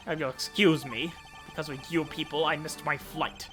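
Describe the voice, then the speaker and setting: A woman's voice: low voice, fairly even intonation, moderate pace, over music, lightly acted. A woman voicing a smug, condescending male ambassador in a game let's play.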